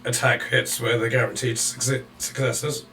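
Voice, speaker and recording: A man acting as dungeon master, narrating and ruling on rolls in a relaxed way, laughing often. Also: medium pitch, a little slow, a little hiss or hum. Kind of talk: running a tabletop game over voice chat.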